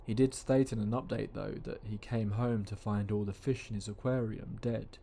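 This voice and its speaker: Guy telling a creepy story, lowish voice, steady and slow on the scary bits, soft music behind. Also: vocal fry, slight background noise. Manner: measured, slowing for suspense. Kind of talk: scripted horror story narration.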